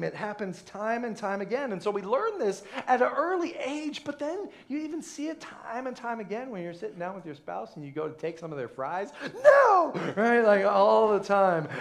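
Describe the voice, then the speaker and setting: A man pastor giving an animated, conversational sermon with many restarts, in a church sanctuary. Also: high voice.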